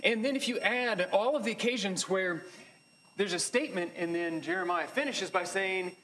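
A man teaching a Bible class in a thoughtful, halting way, with many pauses, fillers and restarts. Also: sits high, a bit bright, low-quality recording. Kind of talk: lecture.

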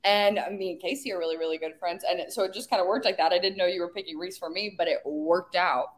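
A woman's voice: fairly low pitch, fast talker. A woman co-hosting a podcast in a casual chat, talking with lots of "like" and "um". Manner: chatty, filler-heavy, with "like" and "um". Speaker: podcast co-host.

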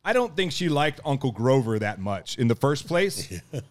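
Speaking at medium pitch and a moderate pace, a middle-aged podcast guest tells a story in casual conversation. He's animated throughout, laughing a lot and performing other people's lines.

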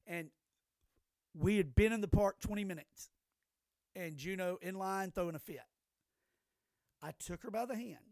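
A man's voice: sits high, gravelly, a little mellow, no room sound, studio quality. An older man co-hosting a podcast, telling stories in a rambling, profane way with many restarts. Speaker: podcast co-host. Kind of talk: casual chat.

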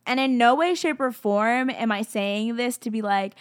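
A woman's voice: fairly high pitch, moderate pace, few pauses, a bit bright, smooth. A young woman talking casually about her faith, rambling and giggly with lots of fillers. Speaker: faith podcaster. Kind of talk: casual devotional chat.

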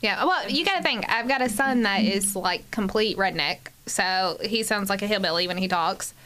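Bright woman with a Northern-Southern accent. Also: medium pitch, normal speed. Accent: Northern US mixed with Southern. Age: 30s. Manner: bright, explains with examples. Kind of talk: casual chat.

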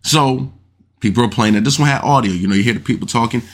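Animated man hosting a podcast. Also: fast. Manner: animated storytelling, acts out other people's shouts in a high voice; swears freely, uses slang fillers like "you know what I'm saying". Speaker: podcast host. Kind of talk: casual solo commentary.

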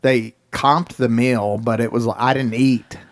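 A man's voice: mid-range voice, steady tone, a little slow. A man co-hosting a podcast, retelling a complaint in wry, profane casual chat. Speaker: podcast co-host.

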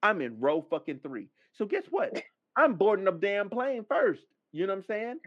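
High-voiced man ranting with profane gusto. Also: moderate pace, no room sound. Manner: animated, profane, acts out quoted dialogue. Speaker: podcast host. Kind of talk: casual storytelling rant. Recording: dull, dry lo-fi mic sound.

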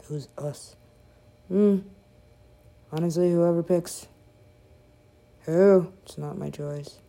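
A woman with a low, mellow voice chatting her way through a game. She talks slowly, wandering from joke to joke with plenty of profanity in a loose, offhand delivery. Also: steady tone, vocal fry. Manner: profane, rambling, joking asides. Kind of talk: casual gameplay commentary.

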